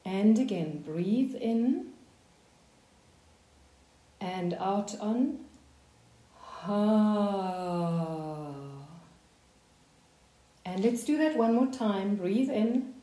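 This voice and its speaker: A woman leading a voice warm-up lesson, giving slow, calm, soothing breathing guidance. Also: fairly high pitch, reverberant. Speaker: voice coach. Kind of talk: guided voice warm-up instruction.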